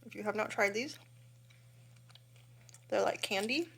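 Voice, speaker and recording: Chatty fifty-something woman, gravelly edge. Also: mid-range voice, a little slow, fairly bright tone, a little hiss or hum. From Southern California, USA. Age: 50s. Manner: chatty, self-deprecating, many fillers and laughs. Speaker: flight attendant vlogger. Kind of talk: casual vlog chat. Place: hotel room on a layover. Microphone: phone camera held close.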